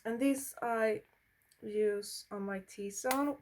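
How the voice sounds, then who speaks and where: Slow-talking Swedish-accented woman. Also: a little high, slight background noise. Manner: blunt, swears freely, chatty. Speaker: beauty vlogger. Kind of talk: casual makeup tutorial chat.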